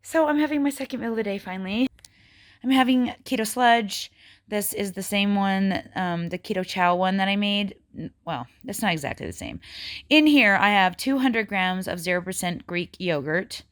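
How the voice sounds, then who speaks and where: A woman's voice: medium pitch, moderate pace. A woman in her forties chatting casually in a diet vlog, rambling as she lists out her meals. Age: 40s. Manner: chatty, rambling, counts out food amounts. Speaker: vlogger.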